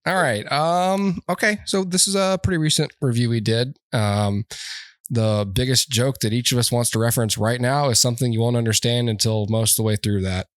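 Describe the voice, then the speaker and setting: A man's voice: medium pitch, brisk, dry recording, studio quality. A man in his thirties co-hosting a podcast, joking in casual chat and laughing often. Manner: jokey, laughs often, slips into silly voices. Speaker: podcast co-host.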